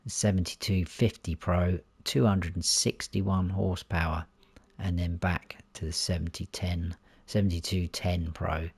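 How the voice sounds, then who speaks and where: Gaming channel host, man, very low unhurried voice, dry close recording, lists menu options one by one. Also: darkish tone, dry recording. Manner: listing options one by one while clicking through menus. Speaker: gaming YouTuber. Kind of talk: console gameplay walkthrough.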